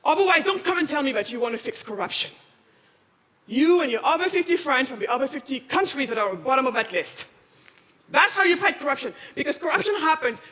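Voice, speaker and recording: A woman from Senegal giving a passionate conference talk, firing off challenging questions and rising to near-shouting. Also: sits high, big pitch swings, quick pace. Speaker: speaker at a conference. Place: large conference hall. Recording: long reverb of a large hall.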